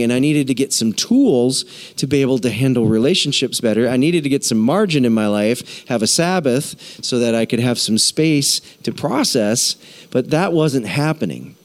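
A middle-aged man, a pastor, preaching a sermon and telling his own story candidly, his voice swinging higher when he gets emphatic. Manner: candid, confessional storytelling with lively pitch swings.

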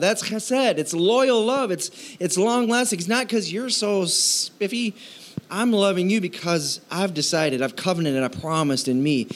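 Middle-aged guy preaching, jokey and animated, kinda high voice. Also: a little hiss or hum. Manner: casual, joking, animated storytelling. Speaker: pastor. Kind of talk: sermon.

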